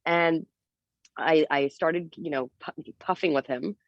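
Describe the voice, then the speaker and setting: A woman guest on a podcast telling a story in a casual, animated way. She is candid and uses a lot of fillers. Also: sits low, slow, no room sound, highs cut off. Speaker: interview guest.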